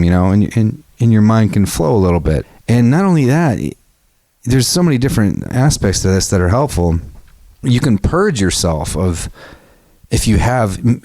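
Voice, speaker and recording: A man's voice: lowish voice, darkish tone, no echo. A man hosting a solo podcast, talking casually and frankly, swearing freely and restarting his sentences often. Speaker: podcast host.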